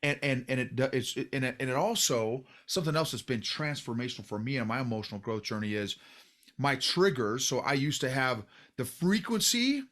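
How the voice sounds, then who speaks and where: A middle-aged man hosts a casual podcast conversation. His voice is of ordinary pitch. He talks earnestly, often stumbling and starting his sentences again. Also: brisk, fairly bright tone. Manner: earnest, with frequent restarts and stammers. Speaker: podcast host.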